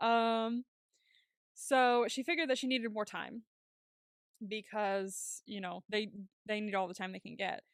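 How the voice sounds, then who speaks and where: A woman co-hosts a podcast and recaps a TV episode in relaxed, chatty talk. She laughs easily and swears casually, and her voice sits at a middle pitch. The sound is close and dry, with no room around it. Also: a little slow, long pauses, clean tone, no room sound. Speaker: podcast co-host.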